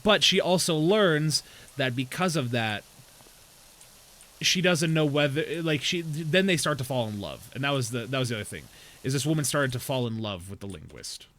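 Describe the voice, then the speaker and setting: A man's voice: medium pitch, expressive, normal speed, a bit bright, poor audio. A man streaming a game, chatting casually and explaining things in a rambling way. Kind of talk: casual chat while gaming.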